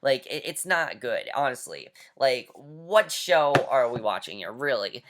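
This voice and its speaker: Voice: mid-range voice, very animated, measured pace, background noise. A vlogger in a casual rant about a TV episode, exasperated and mocking, swearing often and repeating "honestly".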